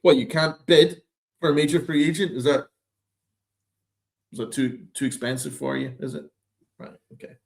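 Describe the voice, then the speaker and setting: A man's voice: a little high, normal speed, vocal fry, pauses often. A man hosting a sports podcast, ranting with sarcastic, exasperated, profane commentary. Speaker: podcast host.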